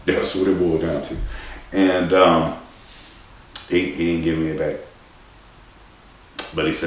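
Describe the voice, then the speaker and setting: Deep voiced guy rambling through a story, stops and restarts a lot, swears, sounds far off in a really echoey room. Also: flat delivery. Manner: rambling, halting, swears, laughs at himself. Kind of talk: casual storytelling. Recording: distant mic in a very echoey room.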